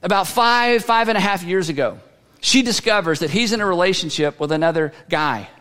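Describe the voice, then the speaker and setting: A man preaching a sermon as a pastor, telling a story in a conversational way with halting restarts. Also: sits high, sharp tone. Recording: long hall reverb.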